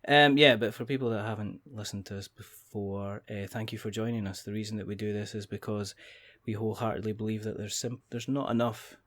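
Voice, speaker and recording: A man's voice: fairly low pitch, fairly even intonation, a little fast, few pauses, a bit bright. A man hosting a casual podcast chat, joking, rambling and laughing often. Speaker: podcast host.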